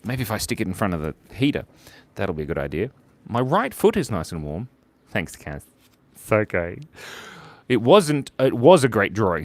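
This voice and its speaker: A giggly man hosting a live drawing stream at home, cracking silly jokes as he draws. His voice is low but swings up and down a lot. He chats along in an easy, playful way. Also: no room sound. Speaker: art stream host.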